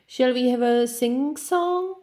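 A woman doing an eager little lion cub, high and childlike. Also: takes it slowly, warm tone. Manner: eager, sing-song, childlike. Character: small eager young male lion cub. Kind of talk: storybook character voice.

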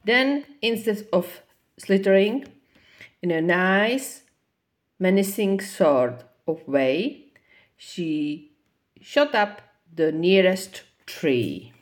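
Lady reading a kids storybook really slowly, lower voice but swoops all over. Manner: slow, expressive. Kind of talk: reading a children's storybook aloud.

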